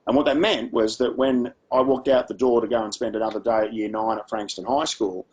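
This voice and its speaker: Husky-voiced Australian man leading a workshop. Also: mid-range voice, steady tone, a little fast, a little mellow, rough recording. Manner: conversational and practical, with personal stories. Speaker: education speaker. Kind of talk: workshop talk to teachers.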